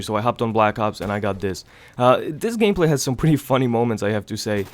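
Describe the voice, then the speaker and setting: Hushed, stuffy-nosed young man. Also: expressive, fast talker. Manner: hushed low voice to avoid waking others; rambling, many fillers, swears casually. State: stuffy nose from a cold. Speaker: gaming channel host. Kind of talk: casual gameplay commentary. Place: home, early morning.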